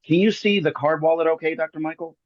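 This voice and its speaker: A man's voice: fairly high pitch, steady tone, fast talker, dry recording, highs cut off. A man hosting a live magic show, performing a card trick over a video call with jokey, theatrical patter. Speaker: magician host.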